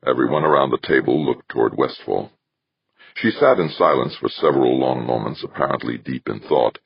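A man narrating an audiobook in measured, scripted delivery. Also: very deep voice, animated, vocal fry, breathy edge, no room sound. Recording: dull, dry lo-fi recording.

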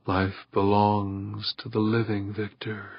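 A man's voice: lowish voice, a little slow, slightly rough, no echo, dull audio. A man voicing a teasing, persuasive woman in an audiobook, murmuring and partly whispering. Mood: intimate. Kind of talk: audiobook character voice.

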